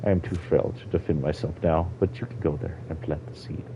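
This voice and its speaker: A man voicing a sad old Argonian woman elder in a put-on Jamaican-style accent, speaking slowly and quietly over dull lo-fi stream audio. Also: a bass voice, steady tone, noisy background. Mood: solemn.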